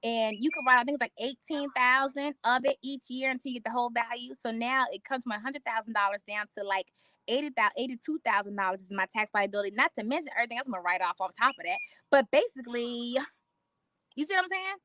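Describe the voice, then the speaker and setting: A woman talking straight to her viewers, animated and preachy, repeating lines for emphasis and calling them y'all and honey. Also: fairly high pitch, fast. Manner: casual slang, calls listeners y'all and honey. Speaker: host. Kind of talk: casual motivational talk to viewers.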